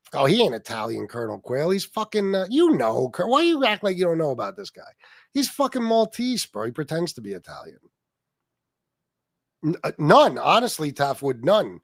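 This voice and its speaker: Profane, animated male livestream host. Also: fairly high pitch, creaky, no echo. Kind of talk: casual livestream commentary reading chat.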